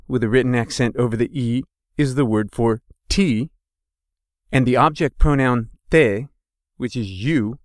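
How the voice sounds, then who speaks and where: A man narrating a scripted language lesson, slowly and deliberately sounding out each example word. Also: mid-range voice, dry recording, clean studio sound. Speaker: language teacher.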